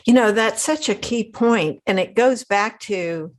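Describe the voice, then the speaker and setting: A woman hosting a podcast interview, asking slow, thoughtful questions. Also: mid-range voice. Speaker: podcast host.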